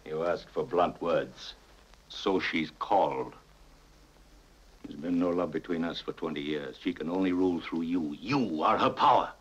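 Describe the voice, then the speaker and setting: An actor playing a cunning, stern middle-aged king and father, who talks in a husky, commanding voice and questions with scorn, in a 1950s epic film. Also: deep voice, a little slow. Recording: dull lo-fi 1950s film soundtrack.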